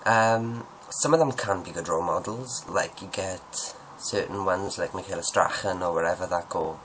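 Man, very low voice, casual vlog Q&A, joking and self-deprecating, faint background hiss. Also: moderate pace, a bit bright, rough recording. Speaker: vlogger answering viewer questions. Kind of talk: casual Q&A monologue.

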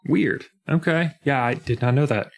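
A young man co-hosting a casual podcast, animated and jumping into mock voices as he retells scenes. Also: medium pitch, normal speed, vocal fry. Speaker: podcast co-host. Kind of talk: casual chat.

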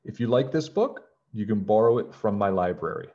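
A man with a low voice reads a children's storybook to his class, his voice rising and falling a great deal. He speaks slowly and clearly, like a teacher. The recording is dull and lo-fi. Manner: slow, clear and expressive for children. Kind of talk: children's storybook read-aloud.

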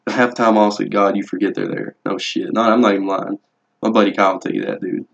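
Fast-talking profane young man. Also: lowish voice, fairly even intonation, vocal fry. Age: young adult. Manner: profane, rambling, laid-back and blunt. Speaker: vlogger. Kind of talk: casual vlog monologue showing his tattoos. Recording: dull lo-fi home video audio.

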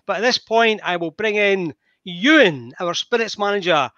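Scottish male host, high bright voice, dry dull lo-fi call audio, chatty. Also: lively intonation, normal speed, no echo. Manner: chatty, greets viewers by name. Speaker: host of a whisky tasting. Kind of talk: live online tasting.

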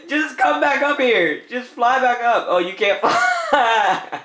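A high-voiced man narrates a gaming session in a slow, unhurried way, his tone bright and sharp. He teases his fellow players, laughs often and repeats goofy calls. The voice rings in a roomy, echoey space. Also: huge pitch swings. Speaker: gameplay commentator. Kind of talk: playful let's-play commentary.

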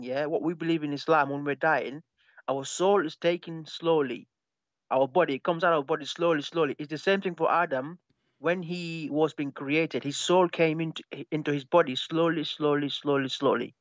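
A man's voice: fairly high pitch, a bit bright, no echo, lo-fi sound. A man in a heated debate who explains himself defensively, hesitating and restarting often.

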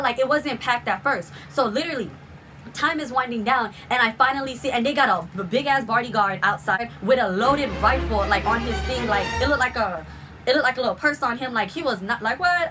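Young woman, storytime vlog, rapid-fire, bright tense voice, faint room hum. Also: fairly high pitch. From South Florida. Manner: excitable, slangy, gushing storytelling. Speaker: vlogger.

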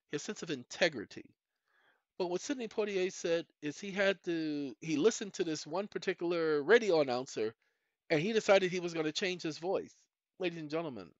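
A man's voice: on the high side, no room sound. Rambling male channel host, dry muffled sound. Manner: rambling, repeats "ladies and gentlemen", talks straight to the audience. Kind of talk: personal monologue to viewers.

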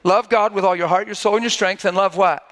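A male preacher with a high voice delivers a sermon in a church hall. His delivery is chatty and direct, climbing to fervent, insistent peaks. A long reverb trails each phrase. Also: steady tone, quick pace, a bit bright. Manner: conversational, rising to fervent emphasis; acts out quoted voices mockingly.

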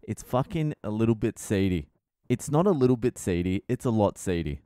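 A middle-aged Australian man hosting a comedy podcast, ranting in a rowdy, profane, animated way. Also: on the low side, a little fast, no echo, studio quality. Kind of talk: casual comedic monologue.

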